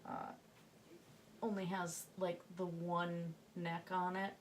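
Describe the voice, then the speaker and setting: A woman's voice: lowish voice, little pitch movement, takes it slowly, a little hiss or hum. A woman with a slight Southern US accent, giving a chatty painting tutorial and thinking aloud as she works, sometimes dropping to a murmur. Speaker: painting instructor.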